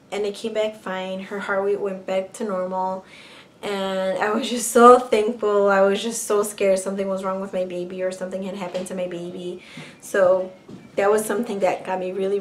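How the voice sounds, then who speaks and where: Chatty young woman vlogger, faint hiss. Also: medium pitch. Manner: chatty, many likes and ums, restarts. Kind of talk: casual storytelling to camera.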